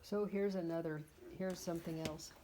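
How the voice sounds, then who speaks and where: A woman's voice: lowish voice, fairly even intonation, normal speed, background noise. A woman in her fifties, a dog breeder, chatting casually and bluntly about her puppies at her kennel, with exasperated asides. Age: 50s. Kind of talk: casual vlog chat.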